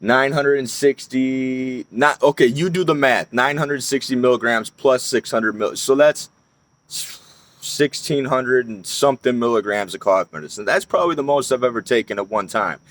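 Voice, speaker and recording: A man's voice: mid-range voice, moderate pace, a bit bright, no room sound. A young man telling a personal story in a casual, rambling way, swearing often and restarting his sentences. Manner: rambling, profane, frequent fillers and restarts.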